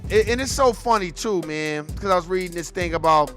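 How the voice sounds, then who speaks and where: A man's voice: high voice, brisk, fairly bright tone, faint music behind. A man in his forties hosting a ranting reaction commentary, profane, heated and mocking. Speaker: host.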